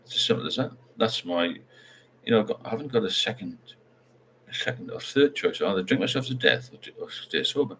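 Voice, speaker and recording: On the low side yet lively in intonation, this older man's brisk, somewhat bright voice hosts a casual live chat with slight background noise. He goes through viewer comments, speaking plainly and rambling, often closing with a tag question.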